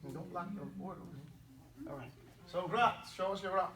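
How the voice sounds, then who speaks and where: A middle-aged man teaching an Arabic class, drilling pronunciation with students and telling anecdotes in an animated, joking way. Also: high-pitched, moderate pace. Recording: echoey room, far from the mic, noisy.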